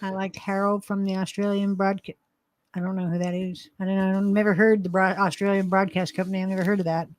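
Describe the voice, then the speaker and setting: A woman's voice: mid-range voice, flat delivery, fast, dry recording. Rambling, laughing Alabama woman. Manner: rambling, laughs often, swears casually. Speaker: livestream co-host. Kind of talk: casual chat.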